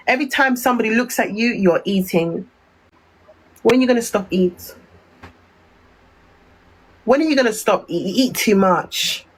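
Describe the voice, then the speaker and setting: A woman's voice: a little high, expressive, measured pace, long pauses, slight background noise, rough recording. A woman with a Jamaican accent ranting on a phone live stream, repeating insults in a heated, cutting manner.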